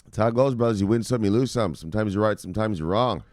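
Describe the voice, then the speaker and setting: A man hosting a crypto news show, talking casually and brashly to his viewers, swearing often and reading out viewer shout-outs. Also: on the low side, fast talker, no echo. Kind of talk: casual profane market commentary to viewers.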